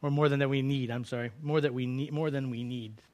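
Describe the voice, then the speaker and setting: A man preaching a conversational sermon as a pastor, swinging from loud, dramatic cries to hushed, low lines. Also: steady tone, a little fast. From United States.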